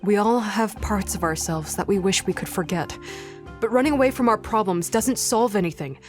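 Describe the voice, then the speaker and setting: A woman voicing a steady woman detective who speaks gently and reassuringly. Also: mid-range voice, moderate pace, faint music behind, lightly acted. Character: calm steady woman detective, mentor type.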